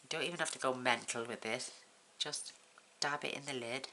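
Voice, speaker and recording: A woman's voice: a bass voice, moderate pace, sharp tone, slight background noise, rough recording. A woman from the UK hosting a casual crafting tutorial, chatty and counting items aloud as she works at home. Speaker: craft channel host.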